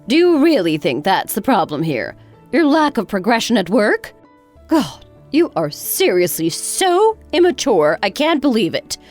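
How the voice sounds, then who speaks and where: A woman's voice: a little high, very animated, a little slow, a little mellow, soft background music. A woman voicing a harsh, sarcastic older mother-in-law in a dramatized story. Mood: scornful. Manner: cutting, sarcastic.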